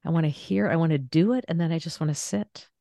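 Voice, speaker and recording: Podcast host, female, deep and unhurried, calm and reflective delivery, dry booth sound. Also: gravelly, dry recording. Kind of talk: casual faith-based conversation.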